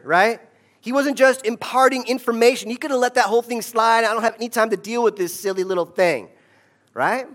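A man's voice: sits high, fairly bright tone. A man giving a conversational storytelling talk, often checking in with his audience. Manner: conversational, asks the audience "right?".

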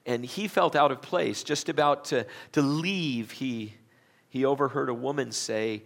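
A male pastor dramatically tells a story during a sermon in a church auditorium, growing loud at the tense moments. His mid-range voice is creaky and his pace measured.

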